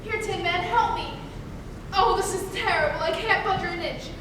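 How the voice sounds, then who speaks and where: A woman's voice: extremely high pitch, normal speed. A woman playing a fretful travelling companion. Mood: alarmed. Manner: fretful, fussing. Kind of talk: stage musical acting. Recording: noisy echoey hall from far off.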